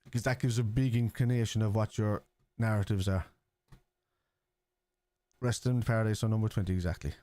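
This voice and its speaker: A man's voice: lowish voice, fairly even intonation, fairly quick, pauses often, warm tone, no echo. A man with a Scouse accent, hosting a football watchalong live stream, reading viewers' chat aloud and answering it in a casual, chatty way.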